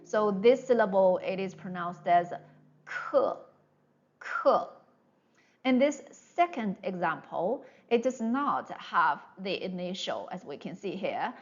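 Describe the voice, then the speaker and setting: A woman's voice: mid-range voice, expressive, a little slow, few pauses, highs cut off. A woman teaching Mandarin pronunciation in an online lesson. She explains patiently and drills each sound one by one.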